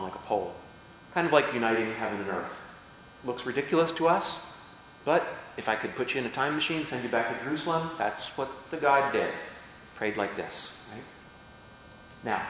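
A man's voice: mid-range voice, a bit bright, very echoey, big-room sound, slight background noise, rough recording. A man who is a priest, explaining parts of the Mass in a chatty teaching talk and often asking his listeners questions. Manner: chatty, asks the audience questions.

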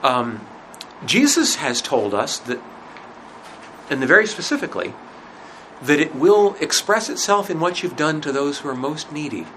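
A man teaching a religion class in a conversational lecture, asking rhetorical questions and often pausing with fillers. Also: fairly high pitch, sing-song, bright, forceful tone, a little hiss or hum, rough recording.

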